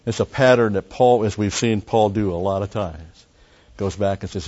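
A man preaching an expository sermon in a deliberate way, with pauses and emphatic rises, on a slightly muffled recording. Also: fairly low pitch, a little mellow. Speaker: pastor.

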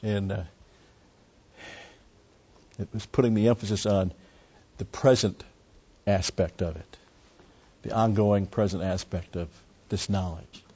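A man's voice: lowish voice, steady tone, measured pace, pauses often, warm tone, slightly rough. A man teaching a Bible study, explaining words closely and driving points home with emphatic repetition. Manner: emphatic, repeats key phrases. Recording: dull lo-fi recording.

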